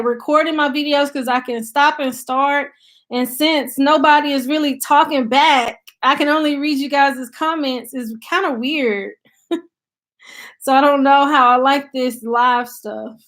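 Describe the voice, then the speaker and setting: A high-pitched woman with an American country accent talks to her viewers in a loose, chatty way. She reads their comments aloud and thinks out loud, with plenty of ums and you-knows. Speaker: YouTube channel host. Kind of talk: casual live-stream chat, reading viewer comments aloud.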